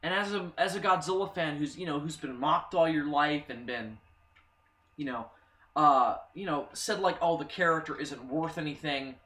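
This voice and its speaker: Excitable male fan reviewer, bright and fairly high, swears a lot, echoey room. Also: normal speed. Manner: excitable, swears freely, acts out his reactions. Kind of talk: excited casual commentary.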